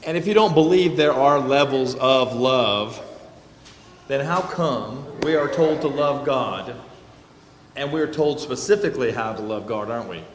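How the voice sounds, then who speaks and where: A man's voice: mid-range voice, unhurried, big-room sound, a little hiss or hum. A man preaching a casual sermon in a church sanctuary, telling folksy stories with joking asides. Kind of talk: conversational sermon.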